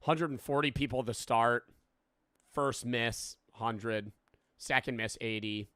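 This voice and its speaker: A blunt man reacting in casual podcast chat, incredulous and quick to swear. His voice is bright and sharp, and the sound is dry. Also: mid-range voice, no room sound. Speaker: podcast co-host.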